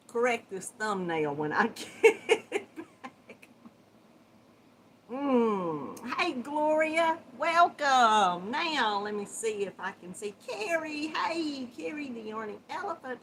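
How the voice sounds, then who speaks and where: A woman with a Southern US accent chats on a live stream in a high, unhurried voice. She welcomes each viewer by name and laughs easily. Her tone is bright. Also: a little hiss or hum, low-quality recording. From Georgia, USA. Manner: chatty, greets viewers by name, laughs often. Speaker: crochet channel host. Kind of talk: casual live-stream chat.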